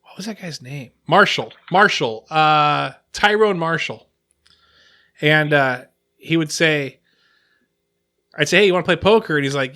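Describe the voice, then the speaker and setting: A man's voice: on the high side, a little slow, pushed and bright. A man hosting a casual podcast chat, rambling and restarting his sentences as he tells stories. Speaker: podcast host.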